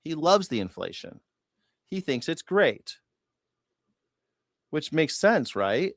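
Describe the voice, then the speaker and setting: A man's voice: fairly high pitch, big pitch swings, slow, no echo, clean studio sound. A man hosting a news reaction show, chatting casually in a rambling, profane, sarcastic way. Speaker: host.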